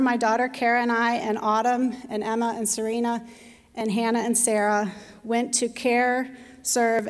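Woman, middle-aged, church testimony, heartfelt, slightly high voice, long hall reverb. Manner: heartfelt, choked up, reads children's stories aloud. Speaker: mission team leader sharing at church. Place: church sanctuary.

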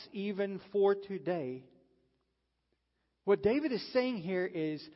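Slow, earnest preacher in a reverberant hall. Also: male voice, high-pitched. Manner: earnest, slow, dramatic pauses when quoting scripture. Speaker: pastor. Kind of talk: sermon. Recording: dull sound with long reverb in a hall.

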